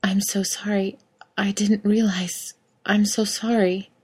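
A woman voicing a compassionate young woman officer, light and gently teasing. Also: on the low side, steady tone, brisk, lightly acted. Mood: desperate whisper.

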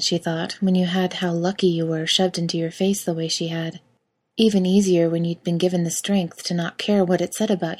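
A woman reading fan fiction aloud in an even, measured narration. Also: lowish voice, slightly rough. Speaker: reader.

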